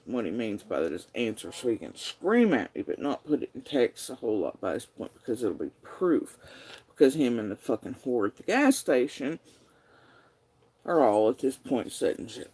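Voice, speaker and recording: A man's voice: mid-range voice, sing-song, moderate pace, a little mellow, husky, rough recording. A man in a profane, bitter personal rant, reading out and picking apart old text messages.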